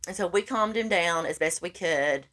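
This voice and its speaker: Woman podcaster, lower register, animated casual storyteller who keeps saying "honey.". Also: normal speed. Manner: animated, acts out quoted lines, calls listener honey. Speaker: podcast co-host.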